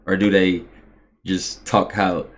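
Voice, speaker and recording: A man's voice: low-pitched, level tone, takes it slowly. A man in casual podcast chat, rambling and searching for his words as he asks questions. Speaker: podcast host.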